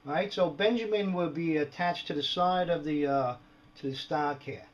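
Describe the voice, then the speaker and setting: Casual guy showing off his gear mods, jokey and rambly, kinda high voice, muffled home video sound. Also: normal speed. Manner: jokey, rambling, lots of "all right" and "right?". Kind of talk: casual show-and-tell.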